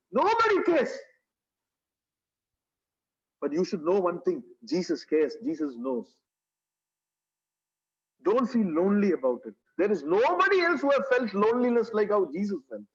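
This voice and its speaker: A man preaching in a church with a Kerala English accent, his voice high and husky. He speaks earnestly, repeats his phrases and keeps asking the congregation rhetorical questions. The recording is dull and lo-fi. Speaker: pastor. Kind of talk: sermon.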